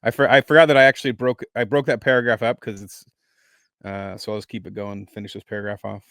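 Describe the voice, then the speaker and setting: Male co-host, lively and laughing, slightly low voice, casual commentary, dry mic. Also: quick pace, no room sound. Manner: animated, laughs easily, restarts his sentences. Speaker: podcast co-host.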